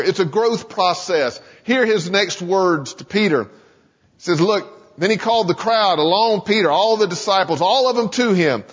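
A man preaching a sermon in a husky voice with a lively, rising and falling pitch. He talks to his listeners in a conversational way. The sound is dull and lo-fi, with a long reverb from a large hall. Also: normal speed. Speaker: pastor.

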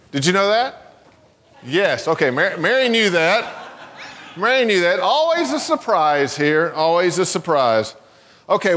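A man's voice: high-pitched, fairly bright tone, big-room sound. A man giving a children's sermon in a church, playful and teasing as he coaxes the kids with questions. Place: church sanctuary.

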